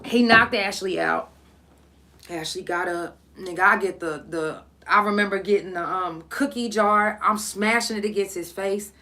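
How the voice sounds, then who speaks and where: A young woman hosting a podcast, telling a story in blunt, profane, animated casual talk. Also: medium pitch, moderate pace. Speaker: podcast host.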